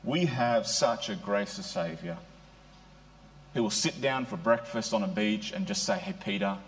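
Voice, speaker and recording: A man's voice: medium pitch, expressive, a little slow, gravelly. A middle-aged man preaching a sermon in a conversational way, often putting rhetorical questions to his listeners.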